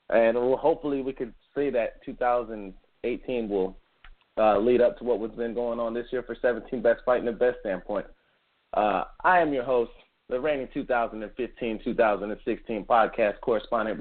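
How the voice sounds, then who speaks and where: A man hosting a casual boxing podcast, chatting upbeat with his co-host. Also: fairly low pitch. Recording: tinny phone-like line.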